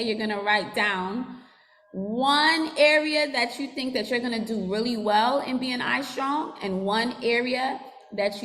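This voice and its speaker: A woman's voice: fairly high pitch, fairly bright tone, in a large hall. Woman addressing a school assembly. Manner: teacherly, asks class to repeat and write. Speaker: school social worker. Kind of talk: school assembly talk to students.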